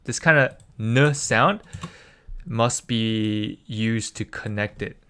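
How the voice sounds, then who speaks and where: Slow, bright-voiced man tutoring casually. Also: on the low side, smooth. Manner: patient, drills syllables by repeating them, many "like" fillers. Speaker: Korean language tutor.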